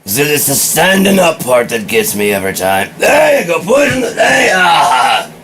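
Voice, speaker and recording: A man's voice: a little high, big pitch swings, moderate pace, a little hiss or hum, pitched above the performer's own voice. A man voicing a pompous, blustering old sea captain who bellows at his crew. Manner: loud, bellowing, theatrical.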